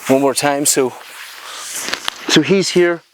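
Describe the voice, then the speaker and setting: A man teaching jiu-jitsu technique during a live demonstration, talking in halting phrases and often checking in with "okay?". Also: fairly high pitch. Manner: talks while moving on the mat, halting phrases. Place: training room at a retreat. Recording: noisy room recording.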